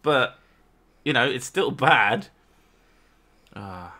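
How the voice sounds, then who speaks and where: A man's voice: medium pitch, lively intonation, drawn-out words, pushed and bright. A man hosting casual chat at home with his wife, bantering and arguing with lots of swearing. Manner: profane, argumentative banter. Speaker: channel host.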